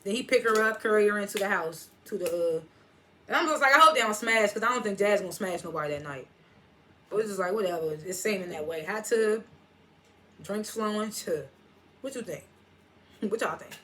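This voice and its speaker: A woman giving a casual episode recap, telling it in animated, slangy storytelling and acting out the characters' lines. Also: medium pitch, brisk, slight background noise. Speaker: TV episode reviewer.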